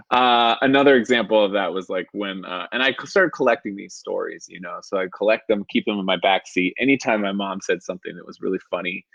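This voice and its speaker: A fairly low-voiced man in his thirties tells a personal story on a live stream, chuckling often and wandering through fillers. The audio is dull and lo-fi, with a dry, close sound. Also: brisk, creaky, fairly bright tone, no room sound. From San Francisco Bay Area, California. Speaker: stand-up comedian.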